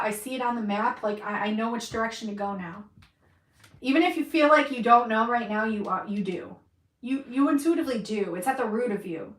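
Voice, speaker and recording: A woman's voice: on the high side, fairly bright tone, reverberant, recorded from a distance. A woman giving an intuitive reading to a viewer, emphatic and encouraging, swearing freely for emphasis. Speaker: tarot reader.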